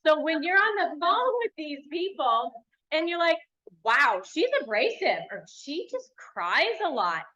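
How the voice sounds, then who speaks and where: A young adult woman coach talking casually to a workshop, blunt and animated as she tells stories. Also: sits high, unhurried. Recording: dull lo-fi sound.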